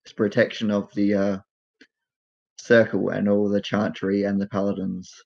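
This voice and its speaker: Man doing a low-voiced sarcastic mage, dry irony, dull lo-fi call sound. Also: completely flat delivery, moderate pace, gravelly, darkish tone. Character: sarcastic male mage fearing capture.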